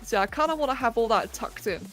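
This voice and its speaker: A woman's voice: on the high side, expressive, quick pace, fairly bright tone. A woman hosting a live stream, chatting casually and thinking aloud with self-mocking humour while she sculpts. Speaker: livestream host. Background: faint electronic music.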